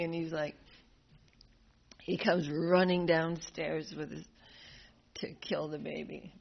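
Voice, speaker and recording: A woman teaching a devotional class who retells a sacred story in a lively way, acting out its characters. Her voice sits low and she speaks slowly. The recording is slightly dull and lo-fi. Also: vocal fry, slight background noise. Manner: animated, laughing retelling with acted voices.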